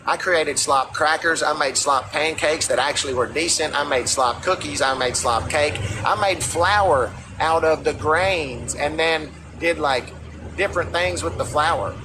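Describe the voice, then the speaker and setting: A man's voice: fairly high pitch, a little slow, background noise. A man with a Southern US accent telling stories in a casual livestream chat, talking through a phone. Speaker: former reality show contestant.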